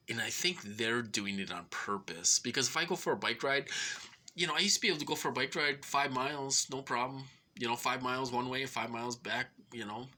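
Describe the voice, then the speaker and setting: A man's voice: medium pitch, bright, forceful tone. A middle-aged man from Minnesota rambling through an aggrieved personal monologue, full of fillers and restarts, sounding short of breath. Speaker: vlogger.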